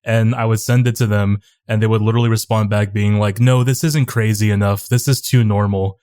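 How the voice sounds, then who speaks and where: A man's voice: lowish voice, fairly even intonation, a little fast, a little mellow, clean tone. A man guesting on a podcast, telling rambling stories in casual chat, full of "like" fillers. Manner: rambling storyteller, many "like" fillers.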